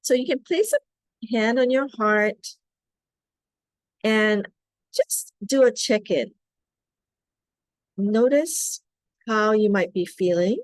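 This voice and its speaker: A middle-aged woman, a wellness facilitator, gently guiding a self-care practice and often checking in with "right?". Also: on the high side, expressive, slow pace, pauses often, dry recording.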